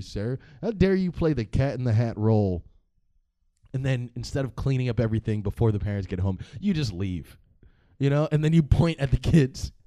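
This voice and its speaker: A vlog host with a mellow, medium-pitched voice gives casual commentary that rambles and jokes, full of swearing and frequent laughs. The recording has no room sound.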